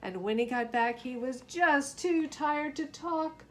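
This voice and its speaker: A woman reading a picture book aloud to young children, expressive and asking them questions. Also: high-pitched, unhurried. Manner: expressive, gasps and asks the listeners questions. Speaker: children's story reader.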